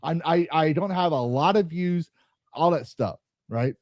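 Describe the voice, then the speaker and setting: This streamer, hosting his gaming podcast, rants in anger, cursing and circling back with frequent repeats and restarts. His voice sits a little high and slightly mellow, and he doesn't hurry. The recording is dry.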